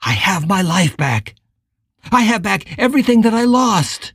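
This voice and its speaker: A woman voicing a grieving man, hushed and earnest. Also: medium pitch, sing-song, a little slow, husky, no echo, studio quality, heavily acted. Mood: desperate. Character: grieving man torn by a reunion with his dead lover.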